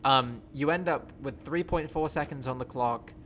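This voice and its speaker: A man in casual sports chat, talking in an excited, rambling way with many fillers. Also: mid-range voice, moderate pace, slight background noise.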